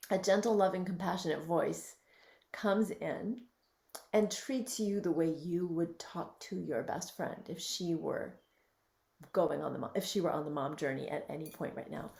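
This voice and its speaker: A woman in her fifties, a physician and midwife, giving reflective, gently emphatic advice as an interview guest over a video call. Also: lowish voice, creaky. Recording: roomy echo.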